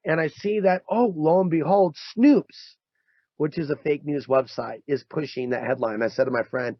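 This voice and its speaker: A man's voice: on the high side, normal speed, no echo. A man co-hosting a podcast in casual chat, talking animatedly and slipping into mocking quoted voices. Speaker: podcast co-host. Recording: dull, dry lo-fi podcast audio.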